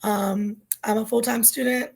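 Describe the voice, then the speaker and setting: A woman's voice: on the high side, steady tone, measured pace, low-quality recording. A woman in her thirties, a guest on an interview podcast, telling her story earnestly while losing her voice. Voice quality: gravelly, husky. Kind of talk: candid personal interview.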